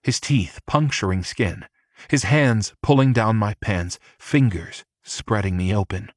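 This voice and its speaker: Low-voiced man narrating an audiobook. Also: a little slow, dry recording, clean studio sound. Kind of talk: first-person audiobook narration.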